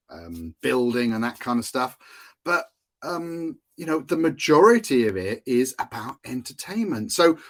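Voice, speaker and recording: Male podcast host, relaxed talky explainer with filler-laden asides. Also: medium pitch. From United Kingdom. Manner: conversational, with frequent fillers and asides. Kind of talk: casual explanatory podcast talk.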